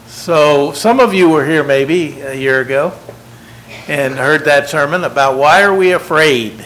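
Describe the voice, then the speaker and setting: Older guy giving a sermon, slightly high voice, real slow and folksy, pokes fun at himself. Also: fairly bright tone, low-quality recording. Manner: folksy, self-deprecating, unhurried. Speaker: preacher.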